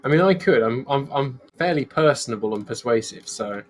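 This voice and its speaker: A man's voice: mid-range voice, expressive, fairly quick. A man playing in a tabletop game, chatty with frequent restarts. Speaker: player.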